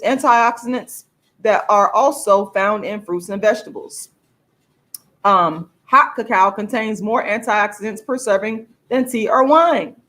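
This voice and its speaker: A woman's voice: fairly high pitch, a bit bright. A woman, talking casually and emphatically to her viewers in a livestream vlog. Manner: chatty, emphatic, addresses viewers as y'all. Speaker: vlogger.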